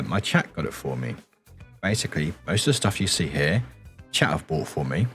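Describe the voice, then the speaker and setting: This British streamer, on air late at night, rambles and giggles through replies to his chat in a low, hushed, just-woke-up kind of voice.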